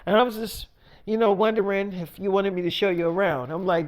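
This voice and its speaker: A man's voice: sits high, fairly even intonation, brisk. A man telling a made-up story in a casual, freestyle way, acting out dialogue with lots of "I'm like".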